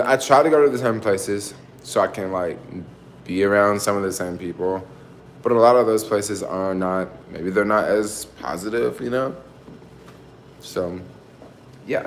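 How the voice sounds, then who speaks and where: A man's voice: lowish voice, reverberant, slight background noise. Slangy Southern man on a livestream. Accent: Black Southern American, softened. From American South, family in Tennessee. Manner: loose, slangy, rambling, ends lines with "yo". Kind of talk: casual livestream chat. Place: home in San Francisco.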